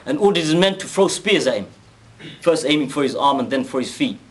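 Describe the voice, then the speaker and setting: A man casually retelling a story, animated, acting out quoted speech and often restarting his sentences. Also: mid-range voice, a little fast.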